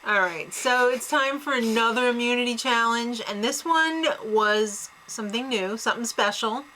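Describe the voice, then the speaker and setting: A woman's voice: a little high, moderate pace, sharp tone, slight background noise, low-quality recording. A young woman co-hosting a casual chat, recapping a TV show, blunt and joking with frequent laughs. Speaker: co-host.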